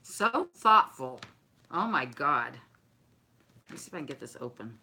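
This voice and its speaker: A woman's voice: sits low, very animated, normal speed, background noise. A woman, chatting casually and effusively to her viewers while unboxing gifts they sent her. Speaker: craft and decor vlogger.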